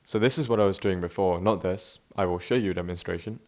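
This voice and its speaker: A man's voice: sits low, fast talker, a little mellow. A young man talking casually and reflectively to camera in an unscripted vlog, loose and chatty with frequent restarts. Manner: laid-back, self-reflective, says bro and man a lot, frequent restarts. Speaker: vlogger.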